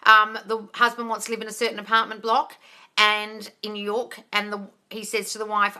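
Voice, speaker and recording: A woman manifesting coach hosting a casual live Q&A, gushing and excitable, calling listeners darling and swearing freely. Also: medium pitch, normal speed. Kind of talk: casual live-stream Q&A, reading viewer comments.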